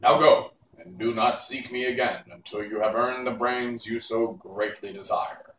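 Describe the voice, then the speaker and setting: A man's voice: mid-range voice, unhurried, fairly bright tone, roomy sound, recorded from a distance, a little hiss or hum, natural voice, poor audio. A man reading aloud and voicing a lovely winged lady ruler who speaks in a grand, cold, demanding way. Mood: imperious. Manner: grand, imperious.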